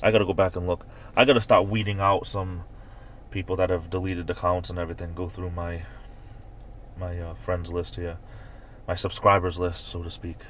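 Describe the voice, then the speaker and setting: A man's voice: low-pitched, level tone, moderate pace, slight background noise. A man with a Northeastern US accent hosting a casual live stream from a parked car, rambling and reading viewer comments aloud. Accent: Northeastern US, New York-like. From Northeastern United States.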